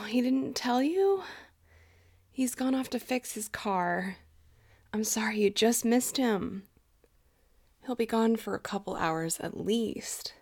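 A woman's voice: on the high side, full character voice. A woman voicing a flirtatious, doting middle-aged mother in a whispered role-play, cooing and murmuring her lines. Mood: doting welcome. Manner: coos and murmurs, soft breathy asides.

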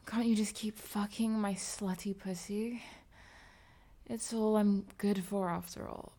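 A woman playing a breathy, flustered young streamer. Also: medium pitch, steady tone, dark tone. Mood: breathless.

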